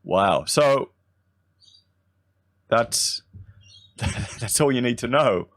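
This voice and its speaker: A man's voice: mid-range voice, slow, a bit bright, no room sound, studio quality. A man from Australia giving casual, sarcastic commentary while reading an article, with wry asides. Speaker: political commentary host.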